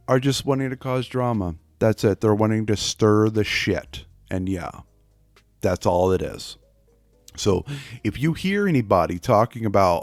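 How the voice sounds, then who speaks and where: A man's voice: on the low side, no room sound. A man teaching a casual wrestling class, chatty, with joking asides and voices put on for examples. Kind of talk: casual spoken lesson.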